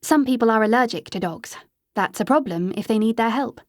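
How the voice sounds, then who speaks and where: A woman's voice: a little high, expressive, fairly quick, no echo, studio quality, natural voice. A woman reading the part of a friendly modern young woman stranded in the past, who explains things patiently, in an audiobook.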